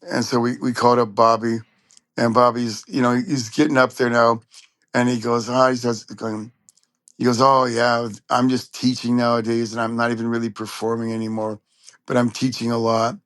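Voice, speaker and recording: A man from Long Beach, California, a trumpet player telling lively anecdotes in a casual interview. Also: mid-range voice, moderate pace, no echo. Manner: animated anecdotes, acts out quoted voices.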